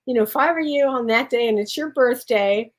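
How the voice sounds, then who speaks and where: A woman's voice: a little high, a little fast. A woman working as a spiritual medium, answering viewer questions on a live stream in an effusive way and calling people honey. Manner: warm, effusive, laughs often, calls people honey.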